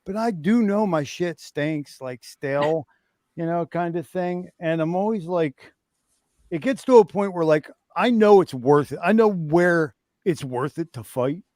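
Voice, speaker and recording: A man's voice: a little high, a little slow, darkish tone, dry recording, clean studio sound. A man in his fifties talking candidly as a guest on a livestream, emphatic and profane as he rallies the listeners. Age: 50s. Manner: emphatic and profane, rallying talk. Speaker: stream guest.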